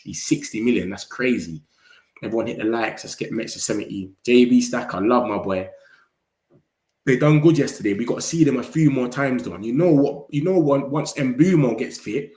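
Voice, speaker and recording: A man hosting a football channel, chatting casually with viewers in slangy, animated talk. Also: fairly low pitch, roomy sound. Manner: slangy, animated, talks straight to chat. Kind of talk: casual live-stream chat reading viewer comments.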